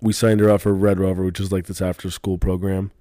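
A man with a very deep, warm voice, co-hosting a relaxed podcast chat. His remarks are dry and laid-back, recorded close and dry. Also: quick pace, no echo. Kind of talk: casual chat.

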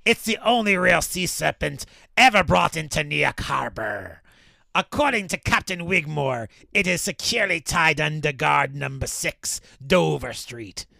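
A man voicing a gruff old male sea captain, reading out a story slowly and deliberately. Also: a little high, animated, sharp tone, no echo, exaggerated voice. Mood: storytelling. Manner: slow, deliberate storytelling read. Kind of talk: reading an old newspaper account in character.

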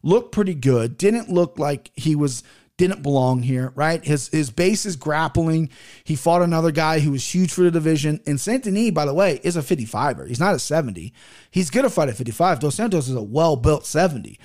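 A man talking on his own into a desk mic, in a loose, unscripted commentary style. His voice sits a little higher than most men's, and he is blunt and opinionated, cursing freely as he gives his verdicts. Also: expressive, fairly quick, a little mellow. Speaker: podcast host reviewing fights. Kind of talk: casual solo commentary. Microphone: headphones and desk mic.

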